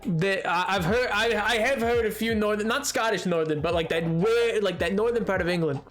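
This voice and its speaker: A man's voice: high voice, normal speed, a bit bright, soft background music. A man chatting casually while streaming a video game, rambling with stammered restarts and frequent laughter. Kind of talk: casual gaming stream chat.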